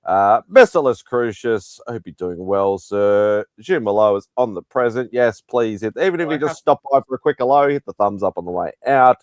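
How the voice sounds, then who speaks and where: A man hosting a live pop-culture hangout stream, greeting viewers by name in a relaxed, chuckling way. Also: fairly low pitch, moderate pace, hardly any pauses, no echo. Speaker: host. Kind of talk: casual live-stream chat.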